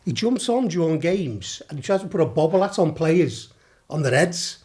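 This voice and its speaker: A middle-aged man from Liverpool with a Scouse accent, a podcast guest telling a story in a lively, sweary way, often laughing. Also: fairly high pitch, moderate pace. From Liverpool, England. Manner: animated, swears a lot, laughs while telling. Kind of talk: storytelling anecdote.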